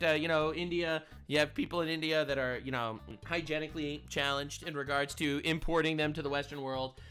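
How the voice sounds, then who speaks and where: Sarcastic, bright-voiced male commentator. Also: on the high side. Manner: sarcastic, animated. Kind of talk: reaction commentary.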